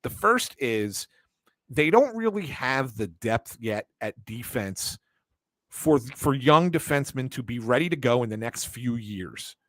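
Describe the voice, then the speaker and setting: A man's voice: medium pitch, lively intonation, unhurried, dry recording. Guy breaking down trades on a sports podcast, middle voice, lots of restarts, dry sound. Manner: analytical, explains at length with many fillers and restarts. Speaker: co-host and sports analyst. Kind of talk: casual sports talk show.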